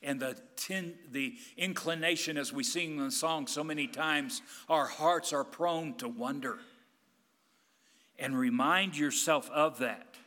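Intense, bright-voiced male preacher. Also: a little high. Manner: emphatic, intense, swings between loud and hushed. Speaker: pastor. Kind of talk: sermon.

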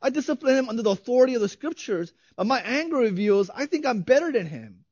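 High-voiced man preaching conversationally. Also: very animated, fast, darkish tone, dry recording, muffled recording. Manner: conversational preaching with frequent "right?" asides and light laughs. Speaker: pastor. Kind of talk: sermon.

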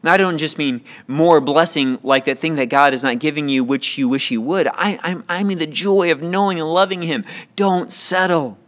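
A man's voice: fairly high pitch, normal speed, few pauses, a bit bright. A man preaching a sermon with passion, often repeating words as he builds a point.

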